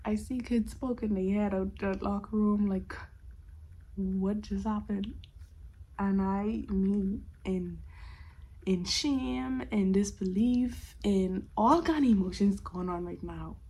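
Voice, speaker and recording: A woman in her twenties casually telling a personal story on her vlog, expressive and often dropping to a whisper. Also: mid-range voice, a little hiss or hum. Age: 20s. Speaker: storytime vlogger.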